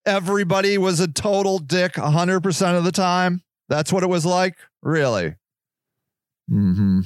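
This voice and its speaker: A man's voice: high-pitched, moderate pace, no room sound. A man hosting a solo podcast, reading passages aloud and then ranting in a sarcastic, profane, heated way. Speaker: podcast host.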